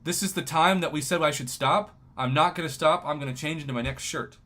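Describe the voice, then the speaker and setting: A man in his thirties from New Mexico, hosting a casual livestream and talking in an emotional, excitable, ranting way. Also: fairly high pitch, a little fast. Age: 30s. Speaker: livestream host.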